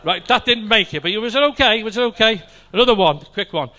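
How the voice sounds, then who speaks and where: In a library hall, an older amateur stand-up comedian from Wales tells doctor jokes and one-liners to a live audience, chatting and speaking straight to the crowd. His voice is high-pitched, expressive and bright, with a forceful tone and a fairly quick pace.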